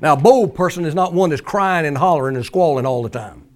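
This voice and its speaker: A man's voice: on the high side, animated, fast. A male pastor preaching a sermon in a folksy, emphatic way, mimicking pleading prayers for effect.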